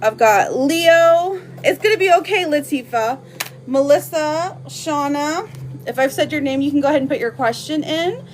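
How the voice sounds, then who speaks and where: A woman reading tarot cards on a live stream, chatting casually and warmly with lots of fillers and slang. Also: high voice, moderate pace, slight background noise.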